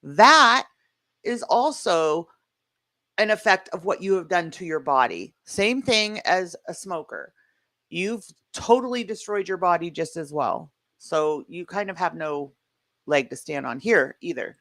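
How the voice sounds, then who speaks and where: A woman's voice: lowish voice, lively intonation, a bit bright, dry recording, clean studio sound. A woman hosting a reaction commentary channel, scolding and emphatic. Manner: scolding, emphatic, drawn-out words.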